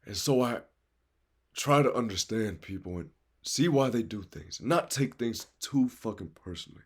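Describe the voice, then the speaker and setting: A man's voice: medium pitch, lively intonation, normal speed. A man giving a raw, earnest, confessional monologue of life advice, speaking straight to the listener, blunt and swearing freely.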